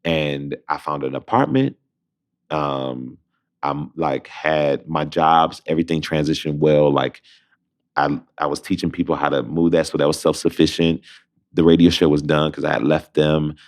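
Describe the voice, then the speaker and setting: A man with a very low, deep bass voice tells his story with great animation, jumping into the voices of the people he talks about. He is a young adult from Detroit and a Broadway performer, speaking as a podcast guest in casual conversation. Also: moderate pace. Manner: lively storyteller who acts out both sides of phone calls.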